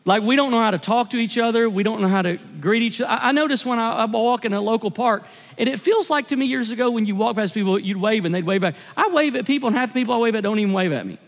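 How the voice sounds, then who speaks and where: A man preaches from the pulpit in a conversational, emphatic way, circling back to repeat his phrases. His voice sits very high. It rings out with the long echo of a big church hall. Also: quick pace, hardly any pauses. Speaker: pastor. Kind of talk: sermon.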